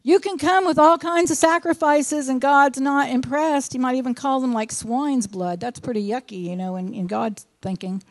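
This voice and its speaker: A woman's voice: sits high, steady tone, moderate pace, few pauses, no room sound, studio quality. A woman teaching a sermon, reading scripture with emphasis and mixing in earnest, folksy asides. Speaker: Bible teacher.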